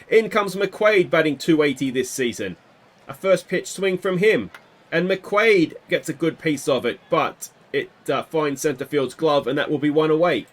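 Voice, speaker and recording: A man giving casual play-by-play commentary on a baseball video game he is playing, with bursts of excitement on big hits. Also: a little high. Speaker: gaming video host.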